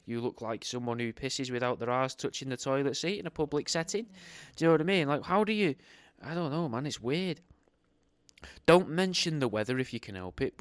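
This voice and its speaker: Young male host, sarcastic reader who swears freely; smooth voice, dry close recording. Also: medium pitch, no echo. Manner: sarcastic, swears a lot, rambling asides. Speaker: host reading a book aloud. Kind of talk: reading aloud with off-the-cuff commentary.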